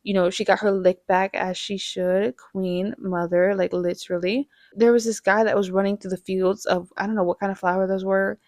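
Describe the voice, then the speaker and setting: A woman's voice: medium pitch, little pitch movement, moderate pace, few pauses, darkish tone, dry recording, studio quality. A young woman from the Midwest gives a chatty, gushing movie review and laughs now and then. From American Midwest. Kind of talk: casual movie review chat.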